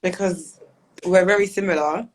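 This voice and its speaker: A woman's voice: lowish voice, steady tone, normal speed, rough recording. A woman as a guest on a live video-call interview, speaking shyly and giggling, in casual chat. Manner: shy and giggly.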